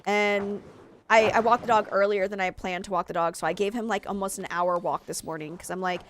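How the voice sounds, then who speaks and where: A woman's voice: mid-range voice, fairly even intonation, brisk. Sleepy woman streaming a game, rambly chatty talk, lots of ums, bit of faint hiss behind. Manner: rambling and chatty, with frequent fillers. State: tired and sleep-deprived. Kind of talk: casual chat while streaming gameplay.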